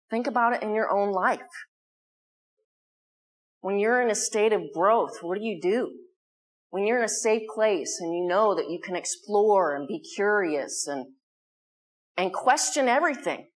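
A woman's voice: mid-range voice, lively intonation, a little slow, pauses often. An American woman leading a spiritual community, giving an earnest, conversational Sunday talk and putting questions to the people in the hall. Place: community hall before a live audience.

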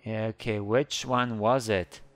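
A man giving excited, playful game commentary who squeals up high whenever he panics. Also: slow pace. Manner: squeals high when panicked, playful kid-friendly banter. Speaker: gaming YouTuber.

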